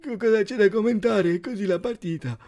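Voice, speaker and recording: A man with an Italian accent impersonating a gravelly, croaky football coach who whines and hesitates with drawn-out "eh"s. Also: high-pitched, darkish tone, voice pushed up. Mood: whiny lament. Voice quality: gravelly, croaky like a heavy smoker. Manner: whiny, hesitant, full of drawn-out "eh"s.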